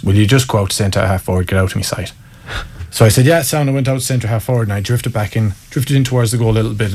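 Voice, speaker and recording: Gravelly Irish man telling stories. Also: fairly low pitch, darkish tone. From Ireland. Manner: candid and self-mocking, laughs through anecdotes. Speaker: guest. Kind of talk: storytelling in an interview.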